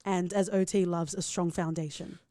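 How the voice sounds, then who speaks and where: A woman co-hosting a podcast in casual chat, joking in a playful, crude and animated way. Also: on the low side, normal speed, no echo, clean studio sound. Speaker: podcast co-host.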